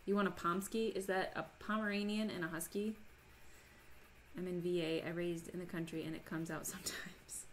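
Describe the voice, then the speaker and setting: A woman's voice: lowish voice, little pitch movement, moderate pace, slight background noise. A woman from Minnesota chatting casually on a crafting livestream, reading chat aloud and laughing often. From Minnesota, USA. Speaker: livestream host.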